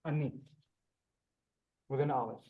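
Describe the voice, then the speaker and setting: A man teaching a live beginners' Hebrew class, halting and repeating words, polite to his students. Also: medium pitch, fairly even intonation, narrow, tinny audio.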